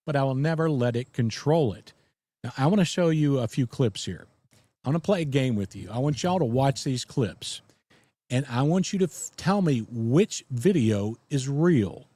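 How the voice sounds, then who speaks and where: A man's voice: medium pitch, lively intonation, moderate pace, warm tone, dry recording. A man with a Southern US accent hosting a casual podcast live stream, rambling in a folksy way and reading viewer comments. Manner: folksy, rambling, chuckles often. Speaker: podcast host.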